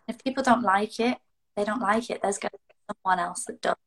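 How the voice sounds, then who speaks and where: A woman's voice: medium pitch, fast, rough recording. A woman from northern England with a northern English accent, chatting casually as a guest in an earnest, reflective way. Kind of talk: casual chat.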